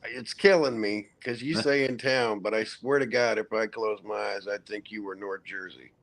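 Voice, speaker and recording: A man's voice: on the low side, steady tone, moderate pace, fairly bright tone. A man with a Midwestern accent chatting eagerly on a video call about dialects and keepsakes. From Midwest, Indianapolis. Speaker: stream guest. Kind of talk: casual chat.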